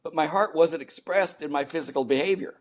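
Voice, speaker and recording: Animated older man telling stories. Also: on the high side, a little fast. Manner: animated, acts out the people in his stories. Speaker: guest. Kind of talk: storytelling in a podcast interview.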